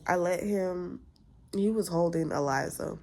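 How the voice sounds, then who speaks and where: A woman's voice: fairly low pitch, unhurried. A young woman in her twenties, venting candidly in a casual storytime vlog and acting out both sides of an argument. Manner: candid, venting, quotes others in lively asides. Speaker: vlogger.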